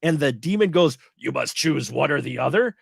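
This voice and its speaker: Animated man, slightly high voice. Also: moderate pace, gravelly, breathy edge, no echo, clean studio sound. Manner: animated, acts out his own reactions in quotes. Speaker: guest film reviewer. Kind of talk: casual live stream chat.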